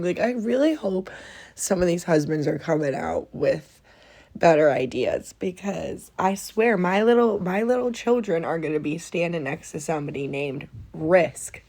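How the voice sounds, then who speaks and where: A woman's voice: on the low side, measured pace. Incredulous young woman podcaster. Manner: incredulous, animated, swears, laughs a lot. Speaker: podcast host. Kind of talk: casual solo podcast rant.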